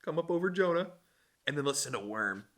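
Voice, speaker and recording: A man's voice: on the high side, expressive, brisk, fairly bright tone. A man acting out God as a playful, scheming figure, talking in a chatty, teasing way. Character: playful, scheming male God, joking around.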